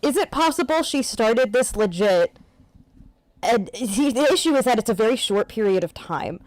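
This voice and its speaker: A woman's voice: fairly high pitch, moderate pace, dry recording, rough recording. A woman streaming from home, chatting casually and restarting her sentences as she goes. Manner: relaxed, chatty, trails into restarts. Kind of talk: casual chat.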